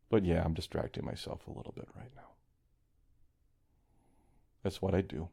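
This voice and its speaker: Male podcast host, low gravelly voice, warm mellow tone, rambling reflective monologue. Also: steady tone, a little slow, pauses often. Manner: reflective, meandering, restarts often; quietly worried. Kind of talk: casual solo podcast monologue.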